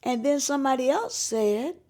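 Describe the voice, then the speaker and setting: A woman's voice: high-pitched, normal speed. A woman from North Carolina, telling stories in an interview and acting out the people she quotes. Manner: acts out quoted voices, lively and emphatic. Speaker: interviewee, singer and showcase organizer. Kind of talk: animated storytelling interview.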